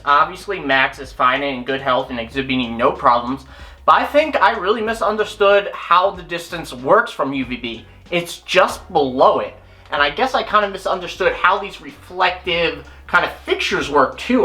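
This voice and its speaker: A woman with a low, sharp voice hosts her own channel as a reptile keeper. She casually demonstrates and thinks aloud as she goes, often correcting herself.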